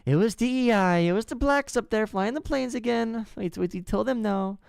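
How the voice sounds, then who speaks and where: A man putting on a mocking impression of a blustering older male politician, pushed up high and loud. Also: normal speed, creaky, smooth, no echo, clean studio sound.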